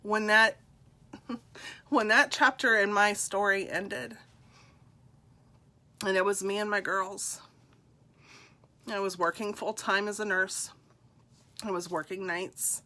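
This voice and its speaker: A middle-aged woman with a drawl talks unhurriedly and warmly to her live-stream viewers, her bright, clear tone a little stuffed up from congestion. She confides in them and greets each by name. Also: mid-range voice, fairly even intonation, slow, pauses often. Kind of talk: personal live-stream talk.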